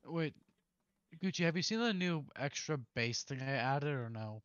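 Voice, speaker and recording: A man's voice: a little high, animated, moderate pace, fairly bright tone, dry recording, lo-fi sound. A young man playing games with a friend on a livestream, talking bluntly and swearing a lot. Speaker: co-player on stream. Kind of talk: casual gaming chat.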